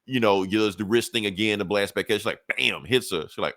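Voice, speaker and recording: Guy on a podcast going through a comic plot, kinda low voice, swears a lot, laughs a bunch, dry sound. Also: quick pace, a bit bright, no room sound. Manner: loose, profane storytelling with frequent laughs. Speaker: podcast co-host. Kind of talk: casual comic book recap.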